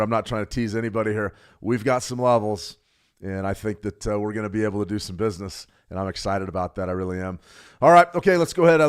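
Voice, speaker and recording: A middle-aged man hosting a live trading stream, giving chatty, energetic market commentary and greeting viewers by name. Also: medium pitch.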